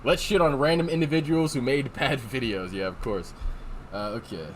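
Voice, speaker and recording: A man's voice: medium pitch, normal speed, slight background noise. A man chatting casually on a livestream, rambling and swearing as he answers chat. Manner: rambling, profane, reads chat aloud. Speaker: streamer. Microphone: desk microphone.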